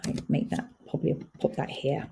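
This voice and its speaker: A woman hosting a blogging tutorial, walking through software on screen in a casual, thinking-aloud way with many pauses and fillers. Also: a little hiss or hum. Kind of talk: screen-share software walkthrough.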